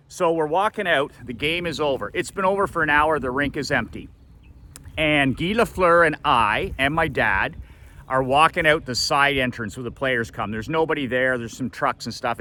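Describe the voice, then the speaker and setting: A middle-aged man with a bright, forceful, somewhat tense voice tells a personal story. He is emphatic and blunt, driving his points home and cursing freely along the way. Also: medium pitch, a little hiss or hum. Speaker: motivational coach.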